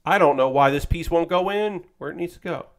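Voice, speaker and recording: A man's voice: on the high side, a little fast. A man streaming, casually chatting while he builds a model kit, rambling with lots of fillers and a bit of swearing.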